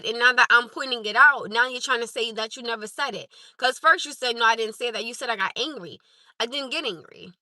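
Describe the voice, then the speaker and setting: A woman with a high, very bright voice talks straight to her live chat as host. She is emphatic and insistent and keeps driving her points home. The sound is close and dry. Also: no echo. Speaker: livestream host. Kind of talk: live stream chat with viewers.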